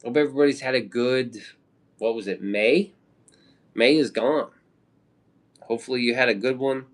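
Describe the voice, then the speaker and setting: A man from the Midwest chatting away on a casual live stream. He rambles from one thing to the next, dropping slang and swear words as he goes. His voice sits at an everyday middle pitch. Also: normal speed. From American Midwest.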